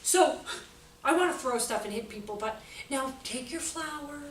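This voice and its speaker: High-voiced chatty woman teaching a workshop. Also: normal speed, slight background noise. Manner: animated, chatty, acts out kids' outbursts. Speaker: teacher trainer. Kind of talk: workshop talk to educators. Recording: echoey room, voice from a distance.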